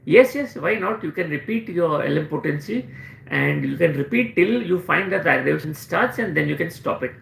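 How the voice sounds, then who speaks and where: Gravelly Indian-accented man teaching. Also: fairly high pitch, animated, a little fast, fairly bright tone, echoey room, slight background noise. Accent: Indian English. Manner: repetitive, emphatic explaining. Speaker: homeopathic doctor. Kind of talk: live Q&A teaching.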